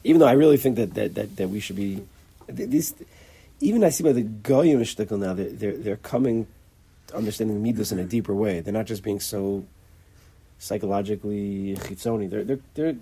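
Very husky, gravelly man teaching. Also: on the low side, lively intonation, warm tone. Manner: halting, repeats words, acts out little dialogues. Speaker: religious teacher. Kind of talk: informal Torah lecture.

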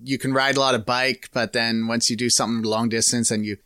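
A married man chatting casually over a video call about bikes, relaxed and easygoing, trailing off at times. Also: mid-range voice, brisk, clean tone, no room sound, clean studio sound. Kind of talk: casual chat.

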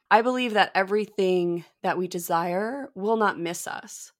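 A woman's voice: medium pitch, moderate pace, few pauses. A woman hosting a podcast interview, telling a personal story in a reflective way. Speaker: podcast host.

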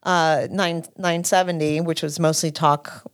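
A woman from Puerto Rico hosting a relaxed interview podcast. Her voice sits a little low, and her talk is loose and chatty, full of fillers and restarts. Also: a little slow. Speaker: podcast host. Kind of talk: casual interview chat.

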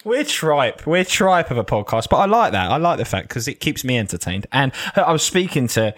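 A man's voice: medium pitch, sing-song, brisk, fairly bright tone. A man co-hosting a casual podcast, bantering bluntly and swearing easily. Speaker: podcast co-host. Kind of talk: casual chat. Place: shed.

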